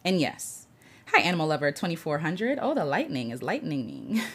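Woman, livestream host, guided breathing, affirmations, earnest, slightly low-pitched. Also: sing-song, normal speed, breathy edge. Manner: greets chat viewers by name.

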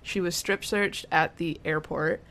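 A woman's voice: on the low side, fairly even intonation, measured pace, a bit bright. A woman co-hosting a podcast, casually retelling scenes and acting out the characters' lines. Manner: chatty retelling, acts out quotes. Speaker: podcast co-host. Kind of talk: casual recap chat.

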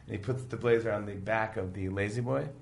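A man casually retelling a story, animated, often breaking into quoted voices, with faint room sound. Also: lowish voice, quick pace, gravelly. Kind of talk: casual chat.

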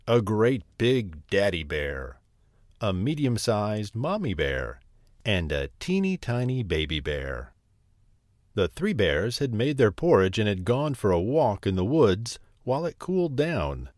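A man narrating a bedtime story as the host, slow and lively. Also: lowish voice, dry recording, clean studio sound.

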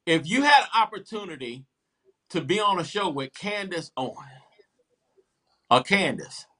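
A man's voice: sits high, very animated, moderate pace, pushed and bright. A man hosting a casual interview and asking easygoing questions. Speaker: interview host.

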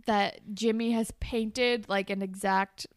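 A young woman co-hosting a casual recap chat, breaking into quick quoted bits of the characters' lines. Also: medium pitch, steady tone, clean tone, no room sound, clean studio sound. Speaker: podcast co-host.

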